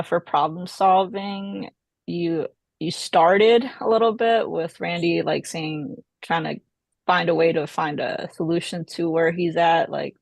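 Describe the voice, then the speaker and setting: A person reads out scores on a practice sales call, pausing and hedging with many fillers. The voice is flat and gravelly, recorded close and dry. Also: mid-range voice, no room sound. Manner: hesitant, many fillers and likes. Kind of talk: giving scored feedback.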